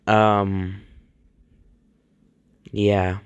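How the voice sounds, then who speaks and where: Gravelly man narrating a cartoon, rambling. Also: fairly low pitch, measured pace, a bit bright, no echo, dull audio. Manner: stumbling, offhand.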